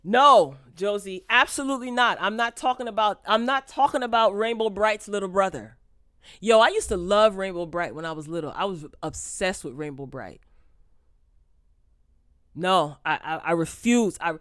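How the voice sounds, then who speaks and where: A woman hosts a casual live chat show, her voice middle in pitch and heard dry and close with no room sound. She talks with emphatic, dramatic refusals. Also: normal speed, fairly bright tone, no echo. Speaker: host of a live morning show.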